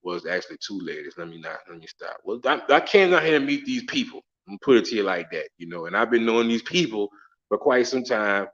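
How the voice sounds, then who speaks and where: A man's voice: fairly low pitch, lively intonation, fast, a bit bright. Profane man talking to camera, lo-fi. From Southern United States. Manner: profane, slangy, laughing storyteller. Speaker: travel vlogger. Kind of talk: casual monologue to camera.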